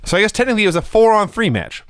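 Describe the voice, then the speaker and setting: A man with a fairly high, lively voice chimes in with agreement and reads his notes aloud. The sound is dry and close to the mic. His delivery is relaxed and easygoing. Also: very fast, clear, resonant tone, dry recording. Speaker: podcast co-host. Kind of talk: casual chat.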